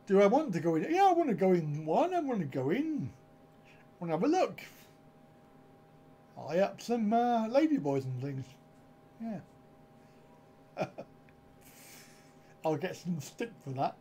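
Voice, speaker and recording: A middle-aged man hosts a relaxed live stream from home, trading jokey banter and chuckling at his own lines. His voice sits high and mellow, with a lively rise and fall. He takes his time over each remark. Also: a little slow, pauses often, breathy edge. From United Kingdom. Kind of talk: casual live-stream chat.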